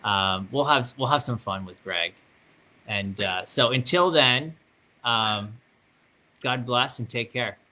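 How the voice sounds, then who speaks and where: Bright-voiced Canadian man hosting. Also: medium pitch, slow. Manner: upbeat, joking, thinks aloud with fillers. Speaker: host. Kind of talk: casual book club chat.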